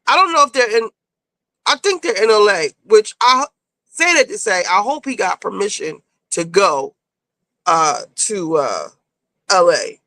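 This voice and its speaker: A woman's voice: medium pitch, very animated, measured pace, pushed and bright, dry recording, rough recording. A woman giving a chatty, off-the-cuff recap of a reality TV episode, casual and loose with swearing. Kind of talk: casual, profane recap commentary.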